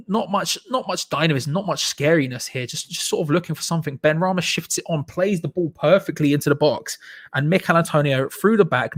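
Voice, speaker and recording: A young man hosting a live football watch-along, reacting excitedly to the match and chatting with viewers. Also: a little high. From England. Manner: excitable, shouts and laughs at goals, chats to viewers. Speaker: fan channel host.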